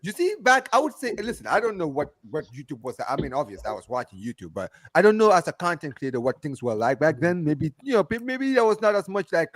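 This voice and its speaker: A man in a casual football debate, speaking in a measured, halting way and checking in with his listeners. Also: fairly high pitch, very animated, no room sound. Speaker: football podcast co-host.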